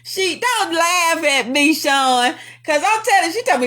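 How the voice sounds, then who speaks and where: Woman, vlog host, casual storytelling, laughing, very lively pitch. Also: unhurried. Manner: animated, laughs often, talks to viewers.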